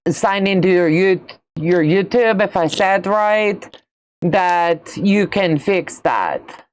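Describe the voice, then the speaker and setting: Lady chatting on a quilting stream, kinda low voice, takes her time. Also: smooth. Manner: chatty, folksy, reads out and answers viewer comments. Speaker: quilting channel host. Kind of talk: casual livestream chat.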